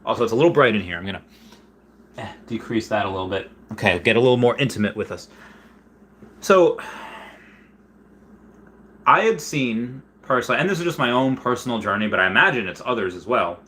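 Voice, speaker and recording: A man chats through a casual stream from a small room at home, his voice bright and forward. He rambles with plenty of fillers and restarts, then flares up loudly when something bothers him. A faint background noise sits under the talk. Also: mid-range voice, a little fast, long pauses. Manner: excitable, rambling with many fillers, gets loud when upset. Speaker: host. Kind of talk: casual livestream chat.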